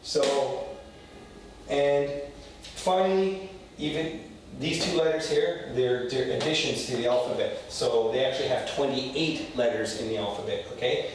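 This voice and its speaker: A man's voice: medium pitch, measured pace, slight background noise. A man teaching a casual language lesson, blunt and profane, checking in with "okay?" again and again. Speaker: Spanish teacher. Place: room in Lima, Peru. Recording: very echoey room, voice from a distance.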